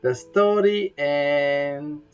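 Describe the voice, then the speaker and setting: Slow, playful woman reading a bedtime story. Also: a little mellow, clean tone. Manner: slow, simple broken English, playful sound effects and high squeals for characters. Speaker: storybook reader. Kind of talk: bedtime story read-aloud. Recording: dull lo-fi sound with faint guitar music.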